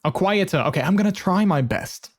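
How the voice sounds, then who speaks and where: A man's voice: high voice, animated, a little fast, breathy edge. A man streaming live and chatting casually with his viewers, giggly and talkative, speaking into a headset mic. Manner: chatty and giggly, many fillers and restarts.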